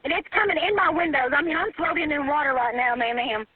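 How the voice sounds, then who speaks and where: A woman's voice: sits high, fast talker. A panicked woman calling for emergency help, crying, stammering and pleading over a phone line. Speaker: 911 caller. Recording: tinny phone line recording.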